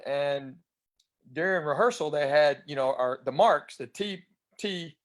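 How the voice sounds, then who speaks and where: In a casual storytelling interview, a Southern-accented man in his fifties from East Tennessee tells chatty anecdotes as a guest comedian, enunciating his drawl. His voice sits on the high side, and he keeps a measured pace.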